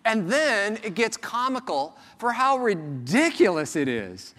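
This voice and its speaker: A man's voice: high voice, measured pace. Conversational male pastor in a reverberant hall. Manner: conversational, animated, acts out quoted voices. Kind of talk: sermon.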